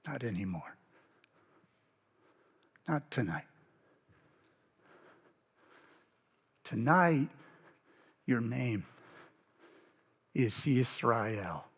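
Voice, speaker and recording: A male pastor voicing a mysterious stranger, speaking low and hushed. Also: very animated, drawn-out words, long pauses, husky, full character voice. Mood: solemn. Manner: hushed, solemn. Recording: long reverb of a church sanctuary.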